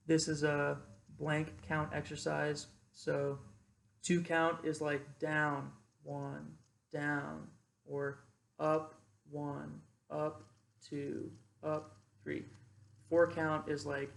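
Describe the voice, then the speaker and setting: A man's voice: fairly high pitch, flat delivery, takes it slowly, gravelly, a bit bright. A young man, a cadet, casually explaining how to call exercises and demonstrating drill cadence. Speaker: ROTC cadet instructor. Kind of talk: informal instructional explanation.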